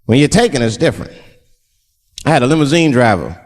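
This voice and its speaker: Animated male stand-up comedian in a hall. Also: medium pitch, fast talker. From Washington, D.C. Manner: animated storytelling, slips into put-on voices. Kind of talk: stand-up routine. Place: large theater stage. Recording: large hall with live crowd.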